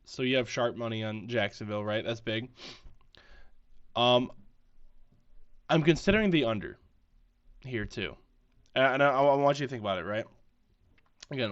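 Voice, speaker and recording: A man's voice: mid-range voice, a bit bright. Stuffy-nosed man rambling on a podcast. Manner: rambling, self-deprecating, repeats himself. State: stuffy, congested nose. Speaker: podcast host. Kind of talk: casual solo sports-betting chat. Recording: slightly dull lo-fi audio.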